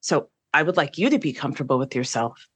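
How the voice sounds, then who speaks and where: A married woman speaking as a guest on a podcast panel, assertive and confident, talking in an animated way. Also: extremely low pitch, fast, slightly rough, no room sound.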